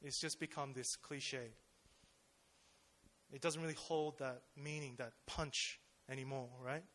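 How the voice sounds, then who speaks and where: A man's voice: mid-range voice, steady tone, unhurried, a bit bright. A young man speaking at church in a casual, conversational sermon, full of fillers and questions to his listeners. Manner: informal, with many fillers and rhetorical questions.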